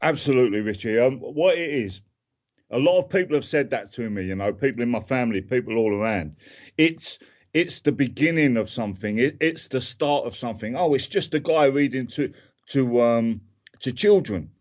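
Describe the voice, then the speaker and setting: A man's voice: mid-range voice, moderate pace, highs cut off. A man with a Cockney accent from southern England, speaking earnestly as a guest on a radio interview, plain-spoken and circling back with fillers. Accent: London Cockney. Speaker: guest musician and activist.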